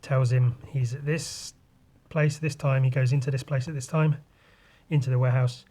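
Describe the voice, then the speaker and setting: A man hosting a podcast, talking casually through a comic in a loose, sweary, rambling way, his voice a little rough today. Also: mid-range voice, fairly even intonation, normal speed, warm tone. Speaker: podcast host.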